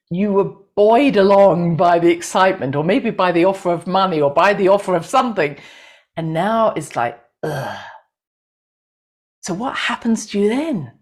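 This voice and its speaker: A middle-aged woman giving an animated talk on intuition and astrology to an audience, acting out inner voices and laughing often. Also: medium pitch.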